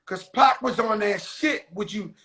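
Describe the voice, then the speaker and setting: A man's voice: high voice, measured pace, a bit bright, poor audio. A man hosting a talk show in casual chat, telling stories in streetwise slang and swearing freely.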